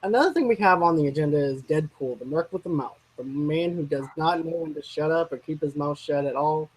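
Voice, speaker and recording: Rambling man, slightly high voice. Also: a little fast, husky, low-quality recording. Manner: rambling, restarts and trails off mid-thought. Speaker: co-host of a movie discussion channel. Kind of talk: casual movie chat.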